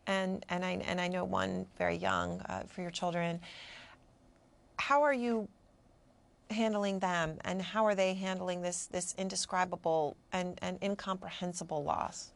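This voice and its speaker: A woman news anchor interviewing a guest, asking gentle, measured, sympathetic questions. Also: fairly low pitch, steady tone, gravelly.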